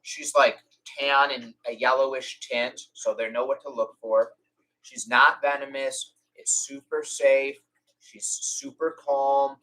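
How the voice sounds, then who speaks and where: A young man hosting a casual live-stream Q&A, chatty, acting out conversations in lively quoted voices. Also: medium pitch, takes it slowly, low-quality recording. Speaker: reptile rescue host.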